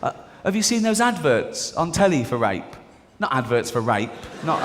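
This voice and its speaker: Sardonic stand-up comic. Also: male voice, mid-range voice, animated, slow pace, fairly bright tone. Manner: sardonic, mock-indignant, acts out voices. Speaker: stand-up comedian. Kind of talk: stand-up comedy routine. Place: large performance hall. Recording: live hall reverb with audience noise.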